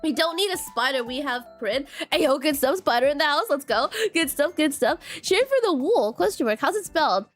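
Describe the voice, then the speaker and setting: A woman's voice: sits high, faint music behind. A woman streamer in casual live chat, rambling about animals while reading chat aloud and greeting viewers. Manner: rambling, reads chat aloud, repeats "question mark"; animated, quick laughs and bursts of excitement.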